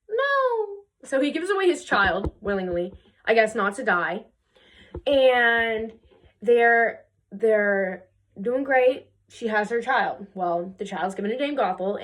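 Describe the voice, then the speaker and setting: A young woman casually retelling a fairy tale for her video, chatty and full of fillers, jumping into quick voices for the characters. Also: a little high, a bit bright. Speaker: video creator.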